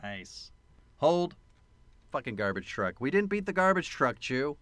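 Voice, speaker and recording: Bright, sarcastic male podcast co-host. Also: medium pitch, very animated, a little slow, no echo. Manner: sarcastic, profane, mock-indignant. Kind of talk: casual film-review chat.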